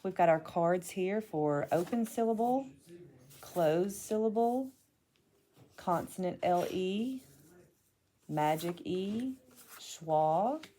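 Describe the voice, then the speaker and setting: A woman walks through a phonics lesson at an unhurried pace, narrating each step in a calm, methodical way. Her voice is mellow and somewhat low. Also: slight background noise. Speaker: teacher.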